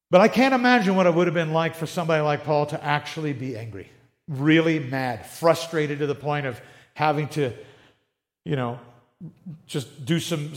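High-voiced man preaching casually. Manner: lively and informal, with joking asides. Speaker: preacher teaching a Bible class. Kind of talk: conversational sermon with slides.

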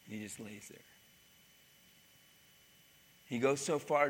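A male pastor preaching a sermon, swinging from loud to hushed. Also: mid-range voice, slow, long pauses, slight background noise. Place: church sanctuary. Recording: reverberant church hall.

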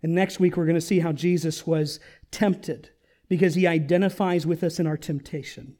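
A pastor preaching a sermon, swinging between loud peaks and near-whispers and putting questions to the congregation. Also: male voice, on the high side, steady tone, normal speed.

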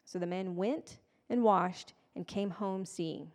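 A woman's voice: fairly low pitch, slow pace, darkish tone. A woman giving a casual, conversational sermon with playful, self-deprecating asides. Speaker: preacher. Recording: long hall reverb.

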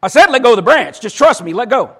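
A preacher putting on a calm, unhurried God who talks plainly and patiently. He gives firm, simple instructions with a quiet steadiness. The voice stays close to the preacher's own. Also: very high voice, breathy edge, voice pushed up, full character voice.

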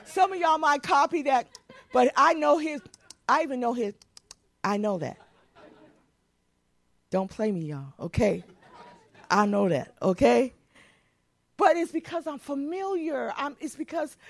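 A woman's voice: high-pitched, creaky, dry recording. A woman pastor preaching a sermon in a folksy, emphatic way.

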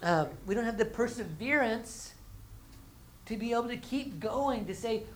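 A woman's voice: a little high, expressive, moderate pace, a little hiss or hum, low-quality recording. A woman preaching a conversational sermon. She restarts and repeats words, and she acts out the everyday voices of her listeners.

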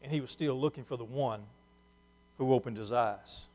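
This medium-pitched preacher swings from soft, slow delivery into loud emphasis and back again during his sermon.

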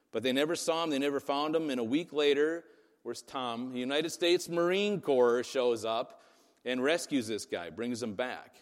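Man preaching in a reverberant hall. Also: mid-range voice. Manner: conversational, asks "right?" often. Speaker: pastor. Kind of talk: sermon.

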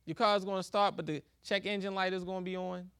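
A man preaching a sermon in a relaxed, conversational way, laughing often and acting out little quoted exchanges. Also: high voice, fast, smooth, no echo, studio quality. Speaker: pastor.

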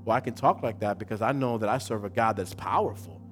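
A man preaching a sermon as pastor, repeating his phrases and building to loud emphatic questions. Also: fairly low pitch, fast talker, soft background music.

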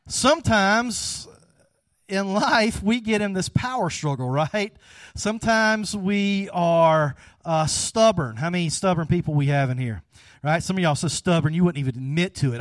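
A pastor preaching a relaxed, folksy sermon, chatting with the congregation before building to animated emphasis. His voice sits a little high for a man. The sound is dry, with little room echo. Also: normal speed. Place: church sanctuary.

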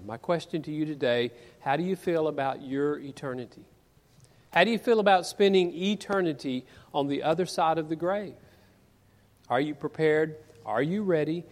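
A man preaching a sermon to his congregation in a church, earnest, asking rhetorical questions as he speaks. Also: a little high. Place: church sanctuary. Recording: reverberant church hall.

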